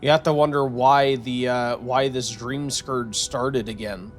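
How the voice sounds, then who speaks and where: A man's voice: mid-range voice, steady tone, unhurried, faint music behind. A man streaming a video game, commenting casually and thinking aloud with lots of restarts and fillers.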